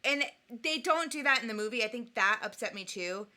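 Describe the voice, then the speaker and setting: This is a woman co-hosting a casual podcast, her voice sitting a bit high and sounding bright. She talks in an animated, playful way, riffing and jumping into quick voices for the people she quotes. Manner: animated, jokey, acts out quotes. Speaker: podcast co-host. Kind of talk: casual chat.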